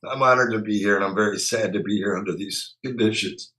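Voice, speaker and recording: A male guest on a livestream, choked up and crying, speaking in a halting, emotional way. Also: lowish voice, sharp tone.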